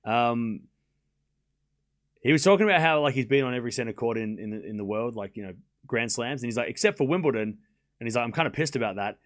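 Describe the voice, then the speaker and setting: A young man hosting a live tennis watchalong stream, chatting casually and excitably with lots of "like" fillers and mocking asides. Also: mid-range voice, fast talker, long pauses.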